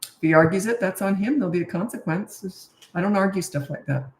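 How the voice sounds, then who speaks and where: A woman's voice: mid-range voice, fairly quick. A middle-aged woman parenting coach answering questions in a casual, blunt, matter-of-fact way, with chatty asides. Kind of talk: casual Q&A advice. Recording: roomy echo.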